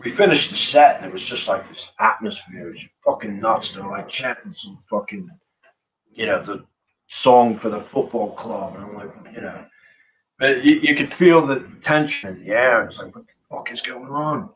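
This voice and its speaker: Profane, rambling punk singer, lo-fi audio. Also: male voice, on the low side, normal speed, a bit bright. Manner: profane, rambling storyteller with frequent fillers. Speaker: punk band singer, guest. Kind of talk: casual storytelling interview. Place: remote live stream call.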